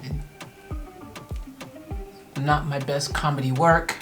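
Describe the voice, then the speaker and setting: A woman's voice: low voice, fairly even intonation, slow pace, a bit bright, faint music behind. A woman from the United States hosting a casual reaction video, rambling and self-mocking with lots of fillers.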